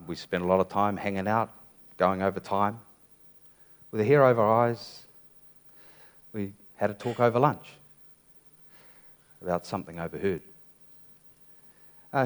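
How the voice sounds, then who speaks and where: Playful New man giving a talk. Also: mid-range voice. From New Zealand. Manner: playful, wry storytelling full of puns. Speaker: design conference speaker. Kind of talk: humorous talk on stage.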